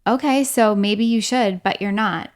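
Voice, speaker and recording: A woman's voice: medium pitch, a little slow. A woman co-hosting a faith podcast, speaking candidly and laughing at herself while acting out what she said. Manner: candid, self-deprecating, acts out her own quoted lines. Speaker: podcast co-host. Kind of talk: casual faith discussion.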